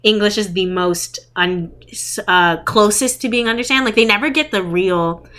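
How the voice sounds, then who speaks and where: A woman's voice: mid-range voice, normal speed, a bit bright. A woman co-hosting a podcast, chatting casually about movies in a chatty way and using lots of "like". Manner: chatty, fills with "like". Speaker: podcast co-host.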